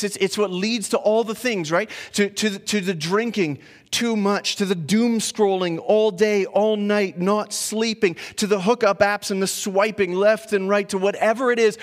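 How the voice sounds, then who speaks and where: A high-pitched man gives a conversational, verse-by-verse sermon on a passage. He keeps it informal, doubles up words as he thinks, and asks the listeners questions.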